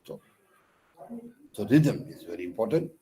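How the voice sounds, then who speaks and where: A man with an Indian English accent, speaking in a fairly low, warm, animated voice at a measured pace, lectures online on poetic meter. He is a counsellor teaching English literature, and he hesitates with many fillers and restarts, stressing syllables when he reads examples aloud.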